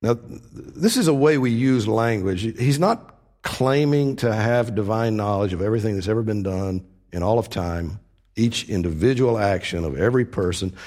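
A man's voice: fairly low pitch, moderate pace, darkish tone. A man preaching a sermon, explaining scripture with earnest, emphatic repetition.

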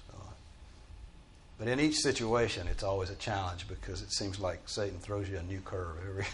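A man's voice: sits low, brisk, slight background noise. A man teaching a Bible study group in a conversational, emphatic way, often restarting his sentences.

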